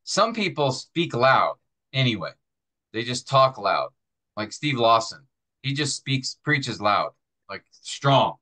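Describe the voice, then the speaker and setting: A middle-aged preaching instructor teaches a class in a thoughtful, conversational way, demonstrating delivery through acted examples. His mid-range voice is sing-song, slow, bright and forceful.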